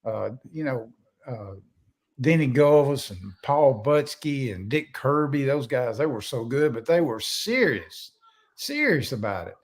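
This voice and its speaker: A man's voice: mid-range voice, big pitch swings, unhurried. An older man, a podcast guest telling folksy, rambling stories with many restarts. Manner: folksy, rambling, self-interrupting. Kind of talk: casual storytelling.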